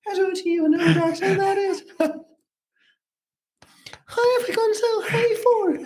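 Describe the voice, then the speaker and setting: A prim, fussing old Scottish nanny squeals each line in a shrill falsetto, as a man puts her on. The sing-song, coddling delivery swoops far above his normal register. A faint hiss sits under the recording. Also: measured pace, darkish tone. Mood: camp.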